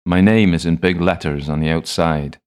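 A man voicing a gruff, grey-bearded old male apothecary with a West Country accent in an audiobook, speaking in a measured, stern, matter-of-fact way. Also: rumbling low. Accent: West Country English. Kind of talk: audiobook character voice.

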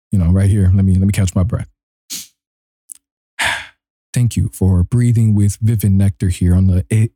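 A male podcast host telling a story in casual, slangy talk. He laughs often and jumps into high, excited voices when he acts out his own reactions. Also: no room sound, studio quality. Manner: slangy and loose. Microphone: desk mic he bumps.

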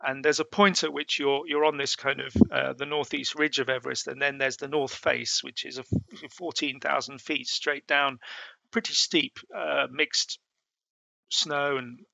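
Gravelly man telling a survival story. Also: mid-range voice, steady tone, sharp tone, no echo. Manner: halting, with many restarts and fillers. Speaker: mountaineer telling his story. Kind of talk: casual spoken storytelling.

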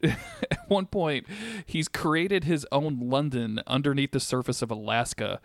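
A man's voice: mid-range voice, a little slow, creaky, no echo. Man, casual podcast recap, rambling, dry close sound. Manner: rambling, laughs while telling, bursts into animated put-on quotes. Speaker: podcast co-host.

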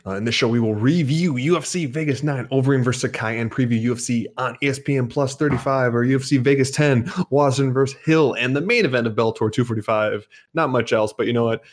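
A man's voice: mid-range voice, fast, few pauses. A man hosting a live sports betting podcast, talking in a chatty, rambling way as he runs through plugs and fight results. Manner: chatty, rambling promo talk. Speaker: podcast host.

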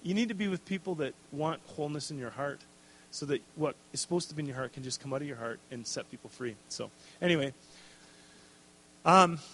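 A middle-aged pastor with a slightly high voice preaches a sermon, telling a personal story in an animated, casual way with many fillers.

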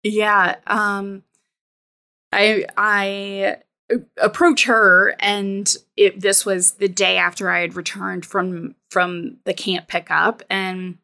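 A woman's voice: medium pitch, flat delivery, slow pace, creaky, bright, forceful tone. A woman who is a business coach, a guest on a podcast, telling her personal story in a candid, reflective way with many "you know" fillers.

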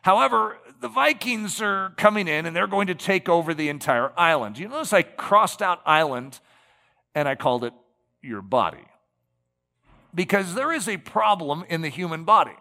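A man's voice: sits high, animated, moderate pace, vocal fry, bright, forceful tone, in a large hall. A man preaching a sermon in a conversational way, often checking in with the congregation with tag questions like "okay?" and "right?".

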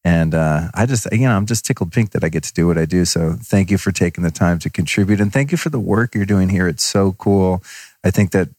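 A man hosting a podcast, chatting casually with a guest and acting out his own past remarks in lively storytelling. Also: deep voice, brisk, dry recording. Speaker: podcast host. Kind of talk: casual interview chat. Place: on location at a resort.

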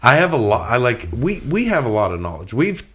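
A man's voice: mid-range voice, big pitch swings, brisk, fairly bright tone. A man co-hosting a podcast, chatting casually over drinks, rambling, swearing and joking. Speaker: podcast co-host. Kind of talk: casual chat.

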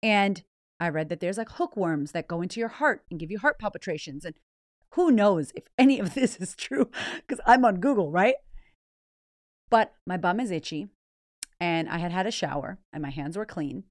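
Casting: woman podcast host, thirties, lowish voice, dry close mic, animated, swears a lot. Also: moderate pace, no echo. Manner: swears freely, dramatic and animated. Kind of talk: raw confessional storytelling. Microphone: podcast microphone.

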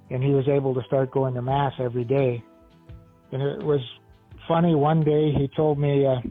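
A man, a deacon, recalling memories of someone he knew in a halting, restarting way. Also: medium pitch. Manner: halting, many restarts and fillers. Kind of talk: interview recollection. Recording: tinny phone-like sound with faint music.

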